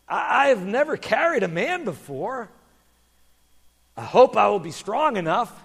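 A man voicing an eager, curious young male donkey in a storybook reading, talking in an excited, pleading way. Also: sits high, a little slow, vocal fry, slightly rough, big-room sound, pitched above the performer's own voice, heavily acted. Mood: nervous.

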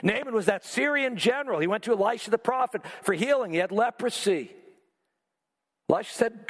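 A man preaching a sermon as a pastor, animated and acting out his listeners' reactions. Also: high voice, a little fast, breathy edge, big-room sound.

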